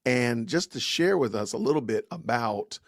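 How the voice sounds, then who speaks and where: A man's voice: medium pitch, expressive, moderate pace, no echo, clean studio sound. A man hosting a casual livestream podcast, greeting viewers with slangy, upbeat phrases and introducing his guest. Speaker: podcast host.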